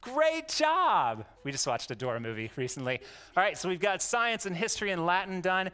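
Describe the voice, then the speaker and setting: The voice here is high-pitched, quick, sharp in tone and smooth. It belongs to a man homeschooling his young daughters, who coaxes them to repeat words and jokes around in a goofy, jokey way.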